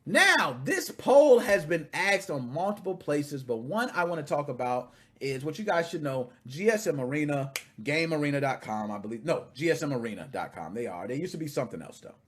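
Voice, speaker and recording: A man hosting a casual gaming podcast, ranting animatedly and breaking into shouts when excited. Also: fairly high pitch, fairly quick, hardly any pauses, breathy edge. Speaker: podcast host.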